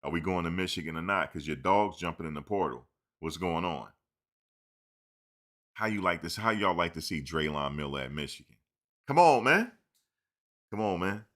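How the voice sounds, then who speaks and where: Deep-voiced, bright, animated sports streamer man. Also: fairly quick. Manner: animated, teasing, talks straight to the chat. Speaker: sports show host reading live chat. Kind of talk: casual live-stream sports talk.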